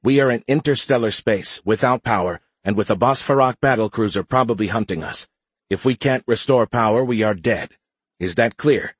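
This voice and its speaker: A man voicing a decisive female army officer in a brisk, commanding tone. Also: mid-range voice, slightly rough, no echo, natural voice.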